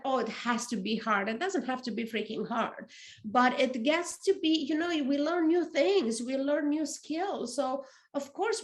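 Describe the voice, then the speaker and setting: A middle-aged woman with a non-native English accent, hosting a podcast as a casual motivational monologue, earnest and reflective, often repeating and restarting phrases. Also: on the high side. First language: not English. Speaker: podcast host. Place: apartment.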